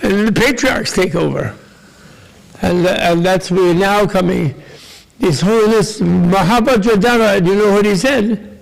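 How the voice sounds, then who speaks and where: A man's voice: high voice, measured pace, creaky, poor audio. An older man giving a casual, joking Buddhist teaching to a live audience, rambling with asides to the listeners.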